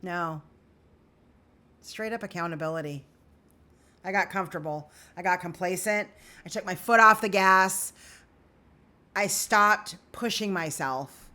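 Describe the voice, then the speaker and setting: A woman's voice: fairly low pitch, unhurried, pauses often, sharp tone. A woman vlogging candidly to her viewers in an earnest, confessional way on an emotional day. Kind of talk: candid personal vlog.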